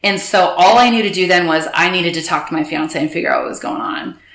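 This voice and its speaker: Woman telling her story on a podcast, bright tense voice, kinda echoey room. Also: on the low side, animated, creaky. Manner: halting, restarts, quotes others in bursts. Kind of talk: emotional personal storytelling.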